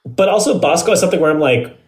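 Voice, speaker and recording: A man's voice: on the high side, expressive, racing. A man chats casually as a podcast guest, his voice rising and falling a lot. He repeats words for emphasis and laughs easily. The talk stays loose and conversational. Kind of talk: casual chat.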